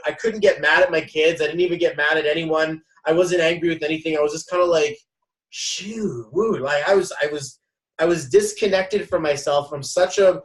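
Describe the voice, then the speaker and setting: A man's voice: a little high, a little fast. A man casually recounting his sessions, acting out other people's lines with many restarts. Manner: animated, quotes others in dialogue, frequent restarts. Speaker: host. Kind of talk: casual storytelling. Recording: echoey room, mic at a distance.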